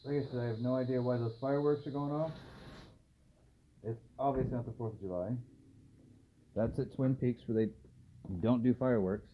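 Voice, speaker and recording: A man, a dog trainer, filming a casual vlog at home at night and softly murmuring to calm his dogs between remarks to the camera. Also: medium pitch, moderate pace, pauses often. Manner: soft, soothing murmurs to the dogs. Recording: tinny phone-like audio, faint hiss.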